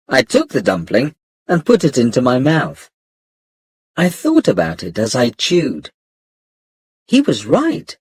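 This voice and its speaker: Male narrator for learner audiobook, slow, lively pitch, breathy, dry booth sound. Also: dry recording. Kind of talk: scripted narration of a graded reader.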